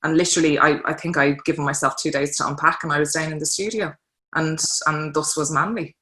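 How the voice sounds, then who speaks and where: A woman's voice: deep voice, fairly quick, echoey room. An Irish woman in her thirties telling stories in a casual interview, acting out quotes as she goes. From Ireland. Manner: lively storyteller, acts out quotes in voices. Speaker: guest, fashion designer.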